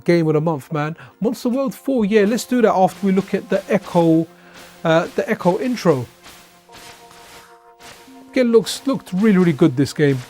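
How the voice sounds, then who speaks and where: A tired, yawning man with a high, mellow voice streams himself playing old console games. His live commentary is loose and casual, rambling and repeating itself.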